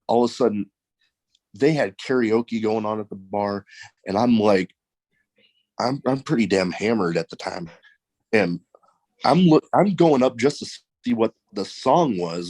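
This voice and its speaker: Low-voiced laid-back host. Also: male voice, darkish tone, low-quality recording. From American Midwest. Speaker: podcast host. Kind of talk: casual chat.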